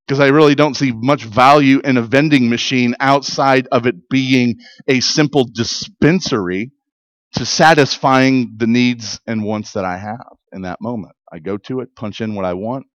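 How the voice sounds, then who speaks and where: A man's voice: mid-range voice, normal speed, no room sound, lo-fi sound. A middle-aged pastor preaching in an earnest, conversational way, often restarting his sentences and building to emphatic peaks. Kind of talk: sermon.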